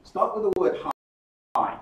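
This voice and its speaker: A man presenting a startup workshop, lively and chatty, acting out audience members with laughing asides. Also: unhurried, muffled recording. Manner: animated, acts out audience reactions with laughing asides. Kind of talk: presentation skills workshop talk. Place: workshop room. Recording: roomy echo from a distant mic.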